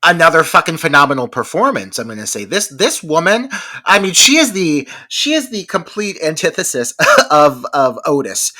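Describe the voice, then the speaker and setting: A man's voice: mid-range voice, pushed and bright. A man co-hosting a film podcast, chatting enthusiastically and swearing freely, laughing along the way. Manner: enthusiastic and profane, laughs often. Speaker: podcast co-host. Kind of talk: casual film-review chat.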